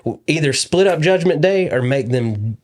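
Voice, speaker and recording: A man's voice: fairly high pitch, animated, normal speed. A man co-hosting a casual wrestling podcast, chatting with enthusiasm and laughing easily. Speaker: podcast co-host; stand-up comedian. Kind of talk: casual chat.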